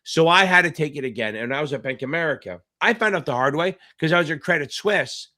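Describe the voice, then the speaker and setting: A man's voice: a little high, lively intonation, fast talker, pushed and bright. A middle-aged man tutoring on a casual live-stream Q&A, talking in a rambling, chatty way and swearing now and then. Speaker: exam tutor.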